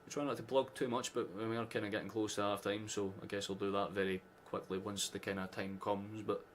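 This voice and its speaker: A Scottish man hosts a live football watchalong, chatting casually about the match with sarcastic asides and frequent swearing. His lowish voice is brisk with little pitch movement, and there's a faint hiss or hum.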